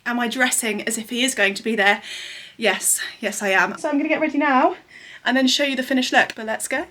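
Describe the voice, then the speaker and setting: A young woman chatting excitedly to camera as a vlogger, a little out of breath. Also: a little high, brisk. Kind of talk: casual vlog chat.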